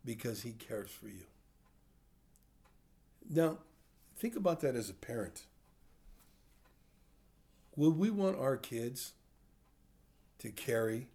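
An older man giving a sermon to a small group, talking in a plain, middle-pitched voice. He teaches conversationally and keeps checking in with questions for his listeners. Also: mellow. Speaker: pastor.

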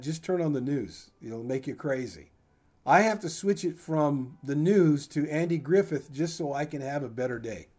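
A man's voice: a little high, mellow. An older man preaching a sermon in a conversational, folksy way, with asides to his congregation. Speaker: pastor.

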